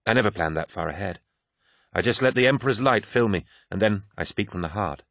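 A man voicing a fierce young woman in an audiobook who speaks plainly and earnestly and shouts when she is attacked. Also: lowish voice, animated, fairly quick, no echo, clean studio sound. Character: fierce young woman, former skeptic turned believer. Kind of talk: audiobook character voice.

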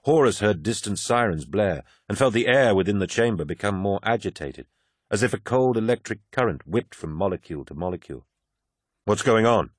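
Low-voiced man narrating an audiobook. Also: animated, a little fast, no room sound, studio quality. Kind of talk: scripted narration.

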